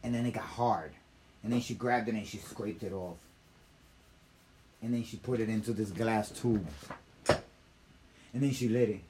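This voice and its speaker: A young man, host of a talk show, telling a story in a casual, animated, profane way. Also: lowish voice, moderate pace, pauses often, a little hiss or hum.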